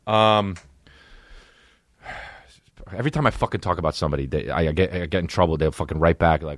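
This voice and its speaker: A man hosting a podcast, rambling through an excitable and profane comedic monologue. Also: fairly low pitch, quick pace, no room sound, clean studio sound. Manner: excitable, rambling, heavy swearing. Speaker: podcast host.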